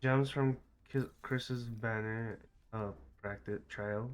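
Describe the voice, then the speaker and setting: A man streaming a game live, muttering to himself and swearing in frustration, his throat scratchy and often cleared. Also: mid-range voice, steady tone, slow. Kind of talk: live gaming stream commentary.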